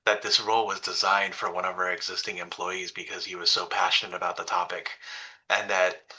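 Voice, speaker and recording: Man with a sharp, bright voice, mid-low pitch, conversational co-host on a video call. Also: level tone, brisk, low-quality recording. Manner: conversational, tells anecdote from work. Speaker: co-host, marketing professional. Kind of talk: casual conversation.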